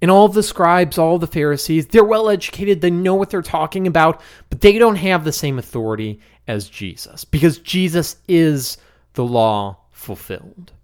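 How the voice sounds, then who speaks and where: A man hosting a podcast, teaching a Bible passage in a relaxed, conversational way with the odd chuckle. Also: fairly high pitch, normal speed. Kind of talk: casual Bible study teaching.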